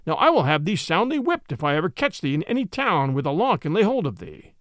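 A man's voice: fairly high pitch, huge pitch swings, fast, dry recording. A man voicing a lean, wizened, miserly grain merchant who talks in a dry, sour, scornful voice. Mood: angry. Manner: snarling, scornful.

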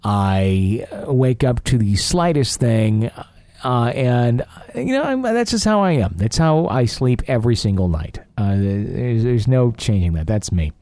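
A man's voice: medium pitch, lively intonation, a little slow, warm tone, dry recording. A man hosting a paranormal call-in radio show, talking in a rambling, chatty, self-deprecating way.

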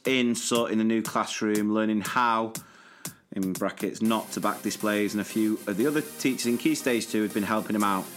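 A man's voice: mid-range voice, a bit bright. A man co-hosting a podcast, chatting casually and reading listener stories aloud with playful emphasis. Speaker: podcast co-host.

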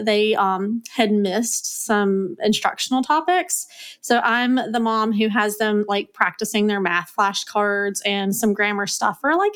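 A woman's voice: fairly high pitch, fairly bright tone, smooth. A woman in her thirties with a Southern US accent, chatting as a podcast guest and laying out her daily routine step by step. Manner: brisk, organized, listing routines step by step. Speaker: guest, executive assistant. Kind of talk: casual podcast chat.

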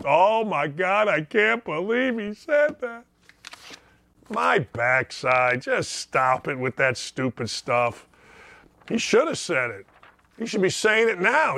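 A man's voice: high voice, bright, forceful tone, dry recording. An older man hosting a sports talk show, ranting emphatically in an opinionated monologue.

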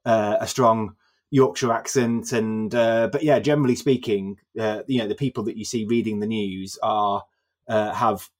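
A man's voice: fairly low pitch, steady tone, moderate pace. A man hosting a podcast interview, posing questions conversationally with filler sounds. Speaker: podcast host.

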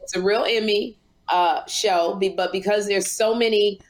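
Brief: woman co-host, mid pitch, lively and chatty. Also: moderate pace, a crowd in the background. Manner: animated, excitable. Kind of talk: casual chat.

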